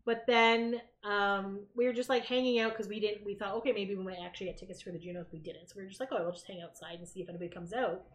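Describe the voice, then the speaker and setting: A woman's voice: mid-range voice, fast talker, hardly any pauses. A Canadian woman co-hosting a podcast, chatting casually and telling a story with acted-out quotes. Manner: animated storyteller, acts out quotes. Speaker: podcast co-host. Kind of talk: casual chat. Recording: echoey room.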